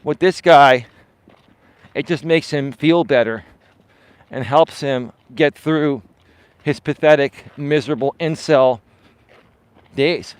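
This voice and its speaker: A man's voice: fairly high pitch, slow pace, pauses often, clear, resonant tone, dry recording. Man, life coach on a live stream, dismissive, emphatic, repeats himself, dry close sound. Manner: dismissive, emphatic, keeps asking "right?"; repeats words for stress. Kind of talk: unscripted live-stream monologue.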